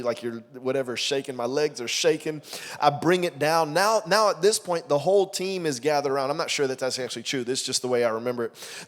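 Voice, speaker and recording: A young adult man preaching a sermon, telling a personal story in a lively way and acting out the voices he quotes. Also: fairly high pitch. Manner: animated storytelling, acts out quotes loudly. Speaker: pastor. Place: church auditorium. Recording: long reverb of a church hall.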